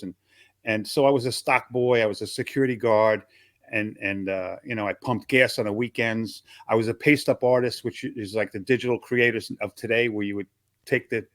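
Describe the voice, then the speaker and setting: Fast-talking older comedian spinning stories. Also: male voice, mid-range voice, no room sound. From Long Island, New York. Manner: animated, acts out voices of people in his stories. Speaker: comedian guest telling stories. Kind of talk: casual storytelling interview.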